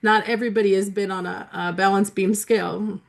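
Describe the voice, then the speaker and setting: A woman teaching teachers in a live online webinar, talking into her computer mic. She is chatty and upbeat, full of fillers and quick laughs, and she reads chat comments back to her audience. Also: mid-range voice, steady tone, creaky. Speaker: math educator hosting a webinar.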